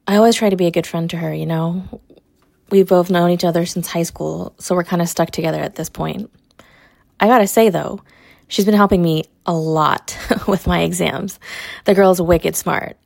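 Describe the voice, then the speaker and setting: A young adult woman voices an audio role-play in a teasing, mocking way, laughing often. Her mid-range voice carries a gravelly fry. The sound is dry and close, with no room echo. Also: fairly low pitch, darkish tone. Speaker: college athlete character in an audio role-play.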